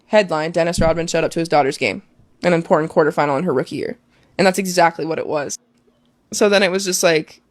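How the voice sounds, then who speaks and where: A woman's voice: lowish voice, no echo. Young woman telling a personal story, dry close sound. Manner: emotional, filler-heavy storytelling. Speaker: guest. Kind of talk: casual storytelling.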